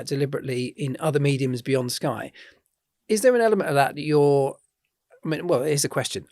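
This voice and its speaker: A man hosting a podcast, asking questions in a measured, thoughtful way. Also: medium pitch, no echo, studio quality. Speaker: podcast host. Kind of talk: casual interview chat.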